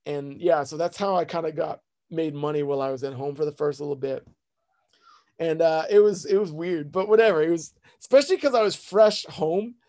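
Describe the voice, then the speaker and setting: A man in his thirties tells a long personal story in a loose, rambling way, laughing at himself. His voice sits a little high for a man, and he acts out the lines of the people in the story. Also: a little fast, a little mellow. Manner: rambling, self-deprecating, acts out quoted voices. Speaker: guest telling his life story. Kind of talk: casual storytelling.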